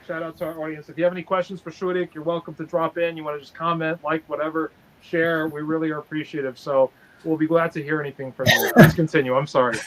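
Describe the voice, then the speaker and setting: A man's voice: on the high side, flat delivery, quick pace, fairly bright tone, rough recording. A man hosting a casual conversation, speaking to the audience and explaining background. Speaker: host. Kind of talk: casual podcast talk.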